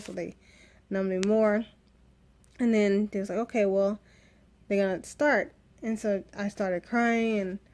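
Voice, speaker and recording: There's slight background noise as a vlogger in her thirties shares her birth story, rambling with restarts in a candid, emotional way. Her mid-range voice is a little mellow.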